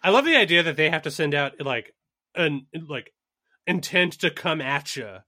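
A man's voice: on the high side, animated, moderate pace, pushed and bright. A man co-hosting a podcast, chatting casually and sarcastically, often acting out mock dialogue. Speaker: podcast co-host. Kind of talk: casual comedic political chat.

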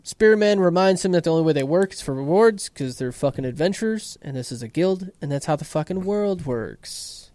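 A man's voice: a little high, lively intonation, brisk, few pauses, a little mellow, no room sound. A man co-hosting a podcast, recapping an episode in a laid-back way with swearing asides. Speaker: podcast co-host.

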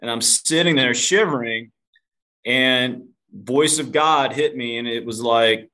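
A man's voice: mid-range voice, slow, sharp tone. Guy on a podcast spilling his own story, laughs at himself, swears kinda casual, calls the host dude. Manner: self-deprecating, casual swearing. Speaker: podcast guest. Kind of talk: candid storytelling in a podcast interview.

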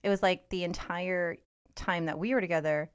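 A young woman co-hosting a podcast tells a story in casual chat, animated, swearing freely and acting out what people said. Her voice is lowish, clear and resonant, at a moderate pace.

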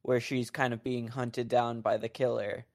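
A man's voice: mid-range voice, level tone, moderate pace. A man co-hosting a podcast, chiming in with agreeable enthusiasm about a film. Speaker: podcast co-host. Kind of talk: casual film discussion.

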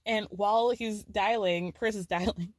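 A woman's voice: mid-range voice, steady tone, measured pace, no echo, studio quality. A woman hosting a podcast, giving a chatty, profane recap of a reality show and laughing often. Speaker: podcast host. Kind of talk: casual pop culture recap.

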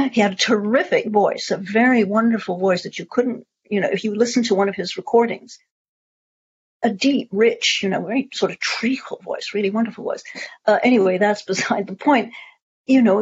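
A woman fields audience questions at a talk, speaking discursively with lots of fillers and restarts. Her mid-range voice is slightly rough, and the audio is muffled and lo-fi.

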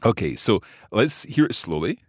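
Deep-voiced, husky male lesson host. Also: big pitch swings, moderate pace, no room sound, clean studio sound. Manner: curious, good-humoured, asks many questions. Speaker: podcast host and learner. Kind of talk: scripted language lesson chat.

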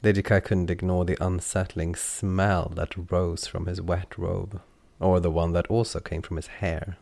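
Deep gravelly man narrating a fantasy audiobook. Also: flat delivery, unhurried, darkish tone, no echo.

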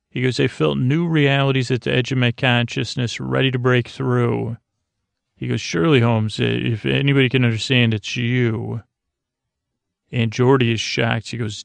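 Man, podcast host, sleepy recap, monotone, gravelly, dry close sound, rambling. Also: medium pitch, normal speed, no echo. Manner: rambling retelling with many fillers.

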